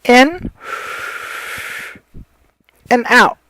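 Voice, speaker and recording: A woman teaching breathing and pitch exercises in a casual, rambling way, with many fillers and apologies. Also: animated, very slow, fairly bright tone, low-quality recording. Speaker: voice coach. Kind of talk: casual tutorial.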